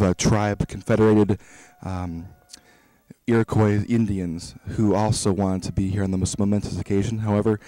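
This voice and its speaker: A man with a low, mellow voice does mock broadcast commentary. He delivers grandly exaggerated claims completely deadpan. The sound is dry and close. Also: no echo.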